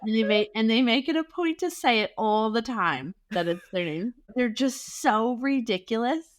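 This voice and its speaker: A woman's voice: fairly high pitch, expressive, normal speed. A woman co-hosting a podcast in casual chat, enthusiastic and gushing, laughing often. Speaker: podcast co-host.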